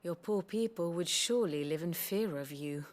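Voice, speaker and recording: A woman's voice: on the low side, normal speed, lightly acted. An actress playing a poised, formal noblewoman in a game who speaks with dry wit.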